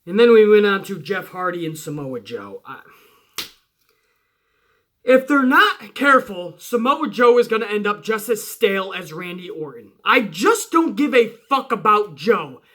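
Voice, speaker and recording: Brash, bright-voiced man, swearing freely. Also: sing-song, measured pace. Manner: swears freely, emphatic, pitch jumps when worked up. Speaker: wrestling show reviewer, channel host. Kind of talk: casual profane review commentary.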